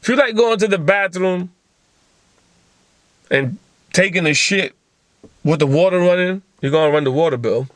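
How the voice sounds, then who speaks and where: A man's voice: high-pitched, normal speed, long pauses, dry recording. A man hosting a motivational talk show, lecturing in blunt, profane casual speech full of rhetorical questions.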